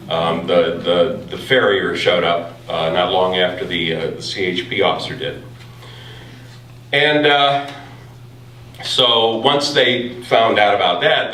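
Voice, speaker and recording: Man telling a true story, halting and wry. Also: lowish voice, pushed and bright, recorded from a distance, slight background noise. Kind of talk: unscripted live personal storytelling. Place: live storytelling event. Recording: roomy live room from afar, faint ambience.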